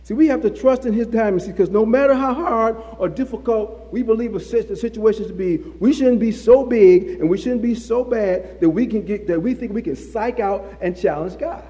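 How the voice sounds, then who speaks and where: A man delivers a sermon in a high but mellow voice, hammering his points through repetition. His words ring out with a long hall reverb around them. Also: normal speed, hardly any pauses. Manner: repetitive, emphatic preaching with restarts. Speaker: preacher.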